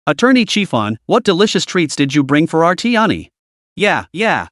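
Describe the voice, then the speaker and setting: A man's voice: on the high side, sing-song, normal speed, a bit bright, no room sound, clean studio sound. A man narrating a story while voicing an eager young male secretary.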